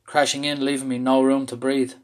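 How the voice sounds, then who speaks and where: Man from Ireland, mid-pitch, candid and intense, swears freely, personal storytelling talk. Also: flat delivery, a little fast. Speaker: speaker sharing a personal story.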